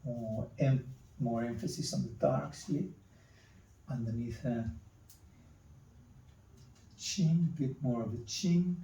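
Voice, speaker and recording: A man, an artist, quietly talking through his charcoal drawing in short murmured remarks as he works. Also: medium pitch, takes it slowly, gravelly, pauses often, slight background noise. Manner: terse murmured step-by-step remarks while working. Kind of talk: drawing demonstration narration. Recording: echoey room, distant mic.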